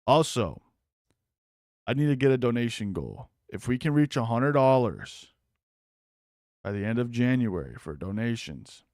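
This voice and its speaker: A man hosting a casual live-stream commentary, excitable and mocking, swearing freely. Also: medium pitch, a little slow, pauses often, no echo, studio quality.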